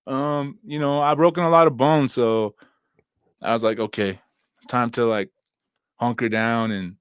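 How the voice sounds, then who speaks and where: A man's voice: mid-range voice, fairly even intonation, unhurried, clean tone, no echo. A young man chats casually as the host of a livestream, slangy and laid-back with plenty of fillers. He sits at home while recovering from injuries. His voice sits in a middle range and the sound is dry and close. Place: at home, seated with laptop and phone.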